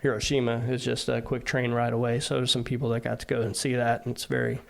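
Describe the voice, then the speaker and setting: Man guest recounting navy deployments, mid-pitched, loose and rambling. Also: level tone, fast, vocal fry. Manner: rambling, many fillers and restarts. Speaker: guest, former navy aviation sailor. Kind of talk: casual interview storytelling.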